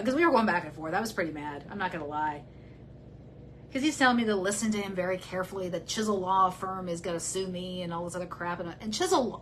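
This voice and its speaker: A woman's voice: on the low side, a bit bright, slight background noise, low-quality recording. A woman hosting a true crime channel, giving casual commentary as she reads messages aloud, blunt and heated as she talks back to the person she discusses.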